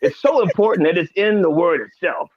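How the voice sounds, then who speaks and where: Pushed up in pitch so it sits high, this comedic guest's expressive voice runs brisk as he improvises a crude older reverend in a studio, rambling, swearing and adding preacher-like asides. The highs are cut off, there's slight background noise, and the mood is mixed.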